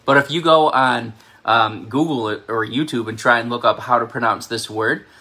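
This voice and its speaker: A man's voice: medium pitch, moderate pace, bright, forceful tone. A man with a New York accent giving a casual, rambling prophecy update, often laughing at himself. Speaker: self-described prophetic channel host.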